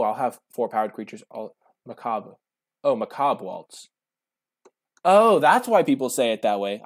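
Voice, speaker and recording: Low-voiced man casually commentating a card draft. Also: a little mellow. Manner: chatty, thinks aloud, answers chat. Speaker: streamer.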